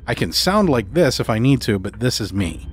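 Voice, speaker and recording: A man's voice: medium pitch, sing-song, moderate pace, a little hiss or hum. A man hosting a podcast, thoughtful and articulate in casual interview chat. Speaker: podcast host.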